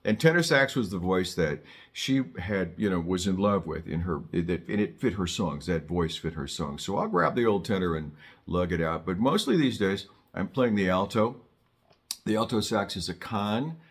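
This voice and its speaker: Man, older, very low voice, sax teacher, chatty, wry asides. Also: lively intonation, normal speed. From Southern California. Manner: chatty, joking asides, frequent restarts. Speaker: saxophone teacher. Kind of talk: casual on-camera music lesson.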